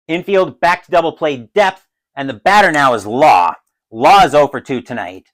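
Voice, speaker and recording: Animated man doing dice-game play-by-play. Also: a little high, normal speed, rough recording. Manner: excited, rises sharply on big plays; adds his own crowd cheers. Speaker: tabletop baseball game host. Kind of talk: solo play-by-play commentary of a dice baseball game.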